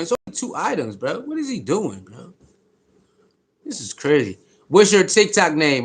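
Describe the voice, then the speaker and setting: A man with a high-set voice chats casually on a live stream. His talk is loose and slangy. He greets viewers by name and repeats his points. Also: big pitch swings, moderate pace, pushed and bright.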